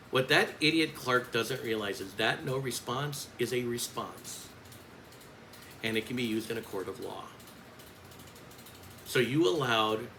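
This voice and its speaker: A man's voice: medium pitch, pushed and bright, a little hiss or hum, rough recording. Blunt, profane man ranting. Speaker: coach. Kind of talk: angry vlog rant.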